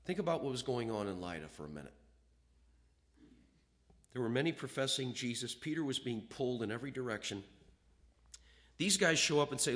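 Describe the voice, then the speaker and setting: Male preacher, animated sermon delivery, voice rising and falling widely, acts out dialogue. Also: mid-range voice, fairly quick, pauses often. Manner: animated, acts out quoted voices, reads scripture aloud.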